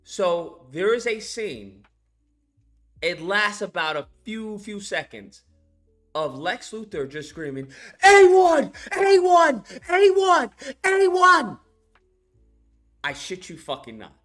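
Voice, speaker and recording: Soft music plays behind a man reviewing a film, whose voice is a little high and slow. He recaps it scene by scene casually, swearing heavily and animatedly playing out each character.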